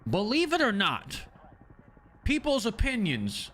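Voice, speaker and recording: A young male game streamer with a high, bright voice. He rants fast and profanely, often stumbling over restarts. He talks straight to his chat. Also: wildly swooping pitch. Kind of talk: profane live-stream rant.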